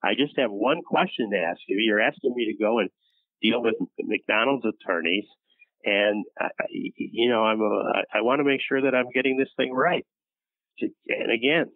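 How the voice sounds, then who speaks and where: An older man telling a long workplace story in an interview, halting and restarting often and acting out what others said. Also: mid-range voice, no room sound. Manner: halting, many restarts, acts out quoted voices. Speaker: interview guest, former studio executive. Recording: tinny phone-like dry sound.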